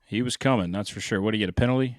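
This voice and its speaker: A man with a hoarse, fairly low voice hosts a laid-back betting podcast. He talks loosely, swears now and then, and keeps throwing questions to his co-host. The sound is dry and close. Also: very fast, no echo. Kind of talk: casual sports betting chat.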